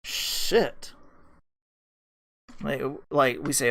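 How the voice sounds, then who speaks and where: This American man hosts a podcast, ranting at length with lots of cursing, filler words and false starts. He speaks at a measured pace in a medium pitch that's expressive and a bit bright, with some vocal fry.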